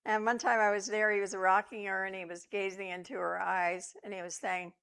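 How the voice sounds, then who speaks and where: Gravelly older woman minister preaching. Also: medium pitch, little pitch movement, moderate pace. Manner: reflective storytelling, gentle humor. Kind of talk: sermon with personal stories.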